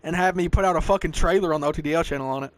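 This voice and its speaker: A man's voice: on the high side, racing, dry recording. A man in his twenties with a Southern US accent, chatting loosely and profanely as a podcast host, peppering his talk with "bro" and "dog.". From American South. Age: 20s. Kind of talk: casual chat.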